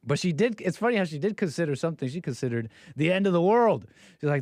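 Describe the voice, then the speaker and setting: A man's voice: fairly high pitch, animated, fast, a little mellow, dry recording, clean studio sound. A man streaming reaction commentary, joking and mimicking the voices in the clip. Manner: jokey, mocking, mimics voices.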